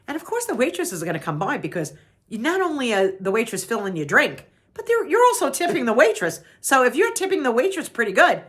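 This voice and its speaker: Lively, bright-voiced chatty woman vlogger. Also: a little high, quick pace. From New York. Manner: chatty, laughs often, animated retelling. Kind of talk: casual storytelling.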